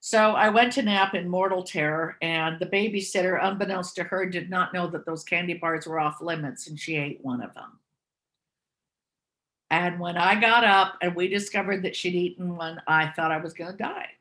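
A woman tells personal stories. Her voice is bright and forward. She speaks openly and reflects on herself as she talks. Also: on the low side, moderate pace. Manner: candid, self-reflective. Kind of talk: personal storytelling.

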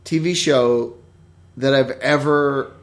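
A man's voice: mid-range voice, fairly even intonation, slow. A man who works as an actor, talking bluntly in casual chat and swearing for emphasis.

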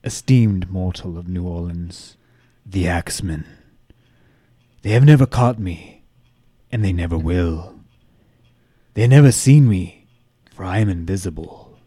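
A man's voice: deep voice, unhurried, long pauses, dark tone, slightly rough, no room sound. A man reading as a boastful demonic axe killer. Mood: menacing. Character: demonic male axe murderer boasting in a letter.

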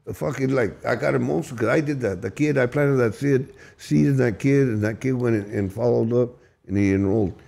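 Telling the story of his recovery, this man is emphatic, emotional and profane, repeatedly restarting and repeating himself in candid fashion. He speaks briskly at medium pitch, with a creaky, mellow quality.

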